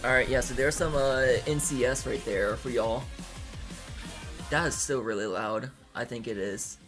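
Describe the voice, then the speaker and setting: Young man, casual streamer, nervous and hesitant, lots of fillers, mid pitch. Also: moderate pace, music in the background. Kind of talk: casual live stream chat.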